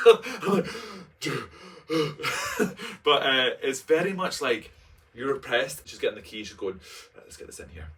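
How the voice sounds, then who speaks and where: Camp, expressive man in his late twenties. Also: mid-range voice, distant mic. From Scotland. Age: late 20s. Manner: expressive, camp, playful asides. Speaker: vlogger. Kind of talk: reading a personal essay aloud and commenting on it.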